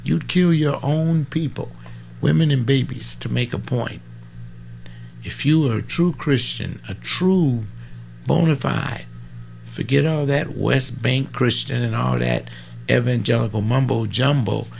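A man's voice: medium pitch, a little slow, gravelly, darkish tone, a little hiss or hum. A man in his seventies preaching in an informal, rambling way, fervent, with folksy asides and sudden bursts of emphasis. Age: 70s.

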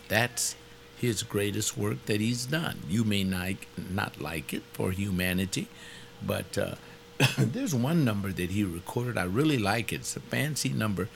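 A man's voice: lowish voice, vocal fry, a little hiss or hum. A man who leads Bible studies, speaking informally in a blunt, emphatic, rambling way. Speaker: Bible study teacher. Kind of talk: informal teaching talk.

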